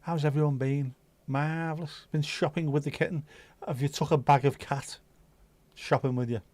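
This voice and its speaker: A man's voice: a little high, steady tone, moderate pace, a little mellow, dry recording. Chatty man hosting a livestream. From Liverpool, England. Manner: chatty, sweary, rambling banter. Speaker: livestream host. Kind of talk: casual chat reading viewer comments.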